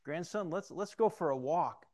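A man quoting an older grandfather who gently coaxes his grandson, while telling a story in a sermon. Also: a little high, animated, moderate pace, pitched above the performer's own voice, natural voice. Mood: coaxing. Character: coaxing, steady older grandfather.

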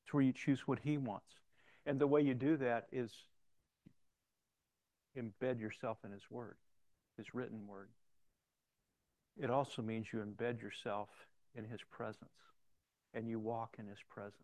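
A man's voice: medium pitch, steady tone, measured pace, pauses often, a little mellow, no room sound. An older man preaching a sermon in a conversational storytelling way, mixing personal anecdotes with scripture references.

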